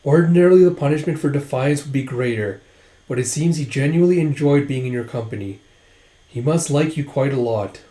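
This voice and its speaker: A man's voice: mid-range voice, brisk, warm tone, natural voice. A man quoting a composed, formal tribal queen while retelling a story in a roomy space. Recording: roomy echo.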